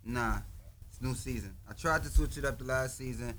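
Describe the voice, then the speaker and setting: A man's voice: medium pitch, brisk, a bit bright, slight background noise. A man co-hosting a casual podcast, playful and joking as he keeps repeating a catchphrase. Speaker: podcast co-host and rapper. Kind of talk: casual group podcast chat.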